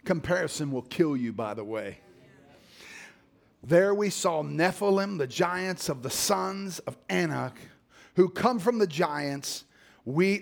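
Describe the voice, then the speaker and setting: A middle-aged male pastor preaching a sermon, dropping to low murmurs and climbing to shouted exhortation. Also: vocal fry.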